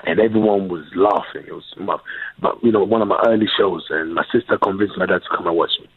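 A man, a comedian, telling stories in an animated, playful way during a casual interview. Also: deep voice, fast, breathy edge, no echo, phone-quality sound. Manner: animated, acts out voices, laughs often. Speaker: comedian guest.

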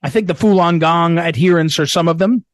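A man's voice: fairly quick, dry recording. A middle-aged man hosting a political talk show, speaking emphatically and repeating himself for stress. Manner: emphatic, repetitive, drops low when reading promos. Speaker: radio show host.

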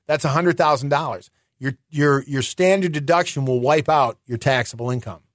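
A man's voice: on the high side, normal speed, dry recording. Chatty male finance radio host, dry sound. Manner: chatty, thinks aloud with restarts and rhetorical questions. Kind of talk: explanatory radio talk.

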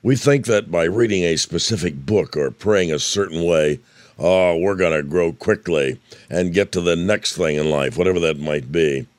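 A man's voice: low-pitched, normal speed, dry recording. An older man from Indiana giving a folksy devotional talk, storytelling as he goes, with a voice that is wearing out. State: losing his voice. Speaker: radio preacher.

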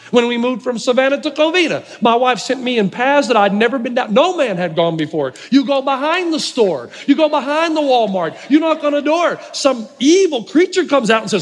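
A man preaching a sermon as a pastor, telling humorous, animated stories to a congregation. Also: very high-pitched, fairly quick. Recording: echoey hall reverb.

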